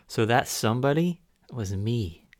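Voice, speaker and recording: A man's voice: mid-range voice, animated, a little slow, no echo, studio quality. A man hosting a podcast, linking clips and thanking guests and supporters. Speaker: podcast host. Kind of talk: podcast narration.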